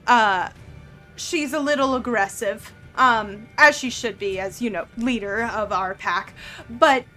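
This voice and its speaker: Woman doing a laid-back guy werewolf smoothing things over, bright voice. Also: on the high side, a little slow, soft background music. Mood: placating. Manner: easygoing, placating. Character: tan-furred male werewolf, friendly peacemaker.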